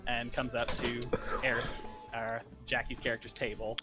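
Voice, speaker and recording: A man's voice: mid-range voice, level tone, moderate pace. A man playing in an online tabletop game, joking and bantering with the group. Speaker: player. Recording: voice over call with loud game music.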